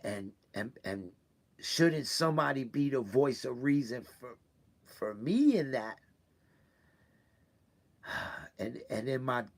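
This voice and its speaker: A man talking to his regular viewers, hurt and close to tears, halting and repeating himself between sighs. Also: medium pitch, gravelly. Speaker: weekly video host. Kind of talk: personal confessional talk. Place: indoors in a room.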